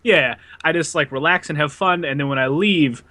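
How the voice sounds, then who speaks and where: A man's voice: a little high, normal speed, a loud crowd. A man co-hosting a casual gaming podcast with a dry, wry sense of humor. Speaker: podcast co-host. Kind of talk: casual chat.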